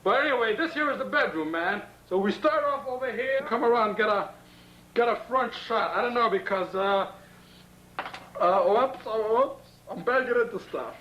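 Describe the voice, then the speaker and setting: A man's voice: sits high, sharp tone, muffled recording. A young man giving a rambling, chatty camcorder tour of his apartment, tossing in "man" and "see" as he films. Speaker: home video host. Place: small apartment bedroom. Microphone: camcorder built-in mic.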